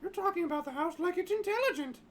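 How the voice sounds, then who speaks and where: A man doing a prim, high-voiced indignant woman. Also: lively intonation, quick pace, slight background noise.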